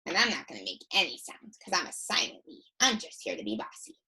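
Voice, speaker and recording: A woman voicing a bossy silent letter E that hushedly urges another vowel to say its name, then boasts in quick asides. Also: on the low side, sing-song, creaky, breathy edge, full character voice, low-quality recording. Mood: conspiratorial. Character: bossy silent letter E, sly whispering know-it-all.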